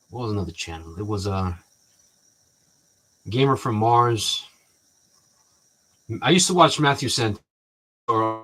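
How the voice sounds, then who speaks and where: With a fairly low but fairly bright voice, the man vlogs in an easygoing, meandering style. Frequent restarts break up his sentences, and he performs the quoted conversations he recounts.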